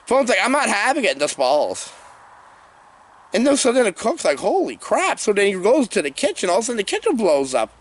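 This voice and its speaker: A man giving a comedic, rambling movie review rant in an animated, jokey way. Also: sits high, fairly quick.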